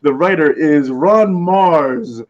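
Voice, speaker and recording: A man's voice: a little high, takes it slowly, dull audio. A man co-hosting a casual podcast, laughing often as he reads out comic book credits, sometimes stumbling over names. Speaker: podcast co-host presenting comics.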